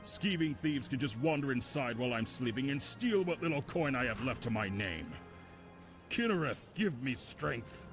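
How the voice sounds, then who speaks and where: A man's voice: medium pitch, expressive, normal speed, music in the background, natural voice. A man voicing a bitter male townsman muttering about being robbed in a fantasy game.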